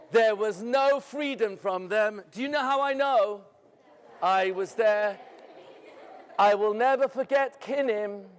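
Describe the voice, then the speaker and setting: A man telling a dramatic first-person story to students, theatrical and asking his audience questions. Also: extremely high pitch. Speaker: educator. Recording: echoey hall.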